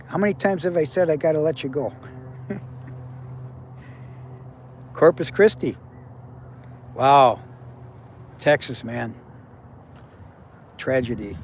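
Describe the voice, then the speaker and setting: A man's voice: a little high, slight background noise. Blunt, profane man in his seventies. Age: 70s. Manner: blunt, profane, preachy advice. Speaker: livestream host. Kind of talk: casual livestream talk to viewers.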